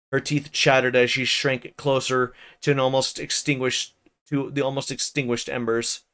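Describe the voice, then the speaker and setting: A man streams himself reading a classic novel aloud at an even pace, breaking off for casual, chatty asides to his chat. His mid-range voice is clear and resonant, at normal speed.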